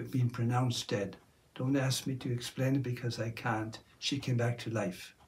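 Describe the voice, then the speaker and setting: Slow, measured man preaching. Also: medium pitch. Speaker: Catholic priest. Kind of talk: sermon.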